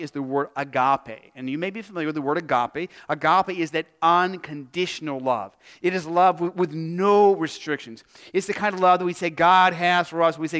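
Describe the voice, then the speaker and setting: A man preaching a sermon as a pastor, earnest and personal, with pauses and restarts as he speaks. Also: a little high, fairly bright tone, clean tone.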